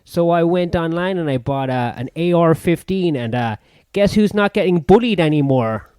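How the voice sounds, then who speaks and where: A man's voice: a little high, lively intonation, normal speed, darkish tone, clean tone, dry recording, voice pushed up, natural voice. A man voicing a dim-witted, violent American teenage boy with an exaggerated surfer drawl, as a comedy bit. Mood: goofy bragging.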